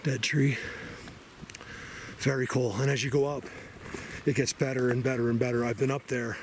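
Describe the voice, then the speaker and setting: Excitable man rambling outdoors. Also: medium pitch, normal speed, slight background noise. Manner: rambling, excitable, laughs often. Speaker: vlogger. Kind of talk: casual talk to camera. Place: outdoors in a forest.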